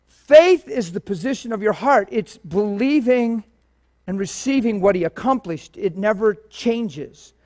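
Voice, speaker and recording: This preacher's voice sits high for a man, and he takes his time as he delivers an animated sermon in church. His storytelling moves from hushed asides to sudden loud outbursts.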